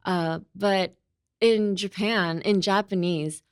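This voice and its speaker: A woman's voice: on the low side, normal speed, dry recording, studio quality. Chatty young woman teaching English. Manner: chatty, laughs often, mixes in Japanese. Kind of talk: casual language lesson.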